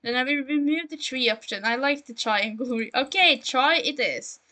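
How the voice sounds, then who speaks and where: A woman's voice: sits high, moderate pace, sharp tone, rough recording. A young woman from Germany with a German accent, chatting casually and rambling to her chat while she plays. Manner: rambling, self-mocking, talks to chat. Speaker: streamer. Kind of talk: casual live-stream chat while gaming. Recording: streaming mic with faint game music behind.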